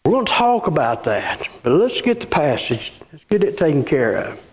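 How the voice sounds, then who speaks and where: A man's voice: a little high, sing-song, moderate pace. A male pastor preaching a sermon in church, reading scripture aloud and often restarting and repeating words.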